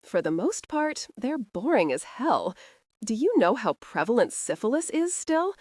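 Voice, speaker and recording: A woman's voice: fairly high pitch, big pitch swings, a little slow, a little mellow, dry recording, studio quality, voice pushed up. A woman reading the part of a blunt, mocking male doctor in an audiobook. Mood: sardonic. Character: sardonic older male doctor, a gruff sadistic wit.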